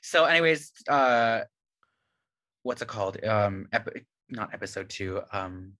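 A man's voice: lowish voice, expressive, a little slow, bright, forceful tone. A young man from Canada telling a rambling story in casual chat, with lots of "like". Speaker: guest.

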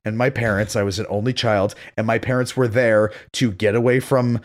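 A man's voice: medium pitch, steady tone, brisk. A man from Massachusetts chatting casually. He rambles and leans on "like", with casual swearing. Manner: rambling, filler-heavy, casually profane. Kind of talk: casual chat.

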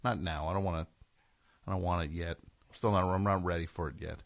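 A man's voice: deep voice, fairly even intonation, a little fast, creaky, no room sound. Sarcastic ranting male radio host, dry. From New Jersey. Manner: ranting, sarcastic comic riffing. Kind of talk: call-in radio talk show.

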